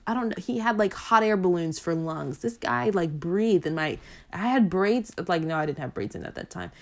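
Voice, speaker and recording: Woman minister, casual faith talk; rambling, filler-heavy, emphatic when fired up. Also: on the low side. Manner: chatty, rambling with many fillers; animated, preachy emphasis.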